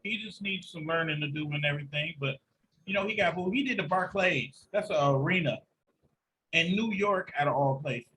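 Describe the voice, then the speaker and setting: A man's voice: a little high, normal speed, a little hiss or hum, low-quality recording. A man hosting a casual podcast, telling stories animatedly with lots of swearing. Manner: animated storytelling, heavy profanity. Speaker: podcast host.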